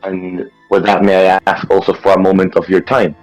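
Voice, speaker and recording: A man's voice: deep voice, monotone, moderate pace, darkish tone, dry recording, faint music behind, rough recording. A man playing a tabletop game who chats casually and rambles while describing his character's actions. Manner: rambling, chatty. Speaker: player. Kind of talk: casual tabletop role-play.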